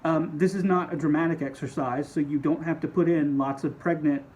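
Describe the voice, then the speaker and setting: A man teaching a speech class, talking casually and explaining each point with quick spoken demonstrations. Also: on the high side, steady tone, a little mellow, slight background noise, low-quality recording. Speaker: speech instructor. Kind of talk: recorded lecture.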